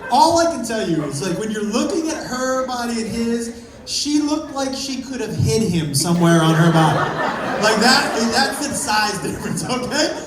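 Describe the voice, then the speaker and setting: A man telling a story in a stand-up set, punchy and loud at times, swearing freely. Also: extremely high pitch, big pitch swings, normal speed. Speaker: stand-up comedian. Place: comedy club stage with a live audience. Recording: echoey, distant live club recording with a loud crowd.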